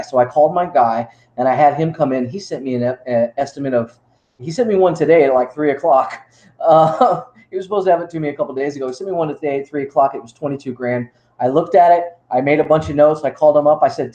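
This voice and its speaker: A man's voice: on the high side, quick pace, warm tone, muffled recording. A man with a Texan accent, a YouTuber chatting to viewers in a rambling, enthusiastic way from an indoor gift shop. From Texas. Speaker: YouTuber and museum worker. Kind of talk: casual chat to viewers. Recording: echoey room.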